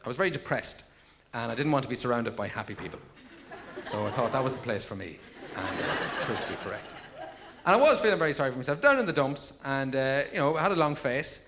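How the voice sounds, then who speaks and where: An Irish man in his thirties doing live stand-up, telling rambling stories in a deadpan way with sudden high yelps. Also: fast. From Ireland. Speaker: stand-up comedian. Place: packed theatre with laughing audience. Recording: 1990s VHS tape with audible noise.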